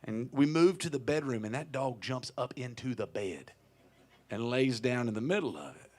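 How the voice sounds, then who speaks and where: A man's voice: medium pitch, expressive, normal speed, a little mellow. Wry, profane man telling a stage story. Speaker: touring singer-songwriter telling a story on stage. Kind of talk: onstage storytelling between songs. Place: small live music venue.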